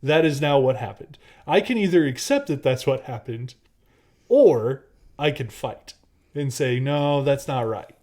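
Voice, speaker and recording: A man's voice: mid-range voice, animated, measured pace, dark tone. A man co-hosting a casual podcast, telling a story in a rambling way with lots of fillers and restarts. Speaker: podcast co-host.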